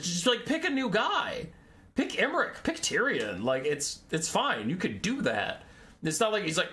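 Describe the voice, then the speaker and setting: A man's voice: high voice, huge pitch swings, moderate pace, bright, forceful tone. A young man in a casual, exasperated lore rant, sarcastic and swearing often. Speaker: lore video creator.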